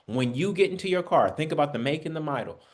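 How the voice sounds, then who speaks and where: A man's voice: a little high, animated, fast. Man preaching with rhetorical questions. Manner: conversational preaching, addresses listeners as family, rhetorical questions. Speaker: Bible study teacher. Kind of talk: spiritual teaching. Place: online Bible study session.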